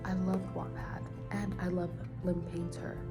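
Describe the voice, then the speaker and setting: A woman's voice: on the low side, flat delivery, a little slow, over loud music. A woman in her early twenties chatting casually in a book vlog, full of "like" fillers. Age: early 20s. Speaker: book vlogger. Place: at home early morning, later outdoors at school.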